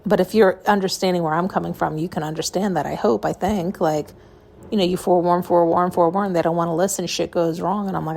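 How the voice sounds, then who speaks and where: A woman's voice: on the low side, steady tone, fast, creaky, darkish tone. A woman hosting a podcast, talking in a rambling, frank and profane monologue. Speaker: podcast host. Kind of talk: casual intuitive monologue.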